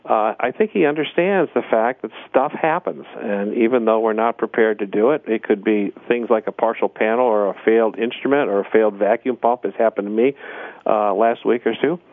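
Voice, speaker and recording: A man who teaches flying tells stories from his lessons, often doubling back and restarting his sentences. His voice sits on the low side. It comes through a tinny, phone-like line with no room sound. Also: fairly quick, dry recording. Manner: rambling, with frequent restarts. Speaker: flight instructor. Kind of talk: storytelling in a casual interview.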